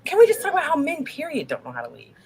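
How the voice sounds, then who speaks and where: A woman in her forties in casual chat, blunt, profane and quick to laugh. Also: sits high, wildly swooping pitch, vocal fry, a little mellow, rough recording. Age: 40s.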